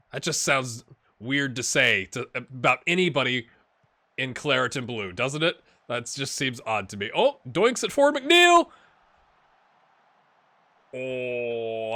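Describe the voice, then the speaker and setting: A man's voice: mid-range voice, bright, forceful tone. A man casually commenting on his football management game, rambling and chatty, often calling his viewers "my friends". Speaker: gaming YouTuber. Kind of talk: casual let's-play commentary.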